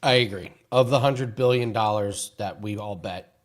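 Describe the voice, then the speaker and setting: A man co-hosting a live betting show, relaxed and agreeable. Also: fairly low pitch, normal speed. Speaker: co-host.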